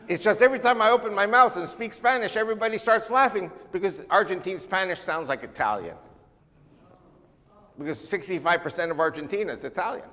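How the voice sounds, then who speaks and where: Older male guest speaker, high-pitched voice, emphatic lecturing, reverberant church hall. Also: brisk. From United States. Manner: emphatic, animated lecturing with sweeping lists. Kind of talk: church talk on world politics.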